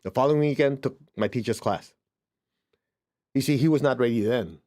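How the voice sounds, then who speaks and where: Guy giving a laid-back spiritual talk, keeps asking "got it?", voice jumps up when he stresses stuff. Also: moderate pace. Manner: conversational, checks in with listeners often; lively, swings up in pitch for emphasis. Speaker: spiritual teacher.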